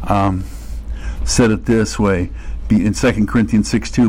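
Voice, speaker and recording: A man preaching a sermon, earnest and direct, dropping low and quiet, then rising to emphatic high bursts, sometimes acting out the voices of imagined listeners. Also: a little slow. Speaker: pastor.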